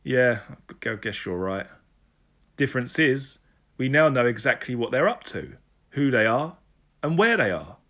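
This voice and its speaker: Man voicing a frustrated male detective, earnest, questioning, bright voice. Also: medium pitch, sing-song, unhurried.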